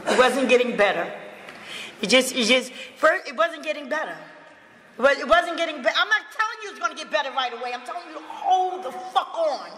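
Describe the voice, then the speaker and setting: A woman giving a personal recovery testimony, emphatic and profane, breaking into loud outbursts and laughter. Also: high voice, lively intonation, fairly quick, slight background noise. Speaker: recovery speaker. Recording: echoey hall with long reverb.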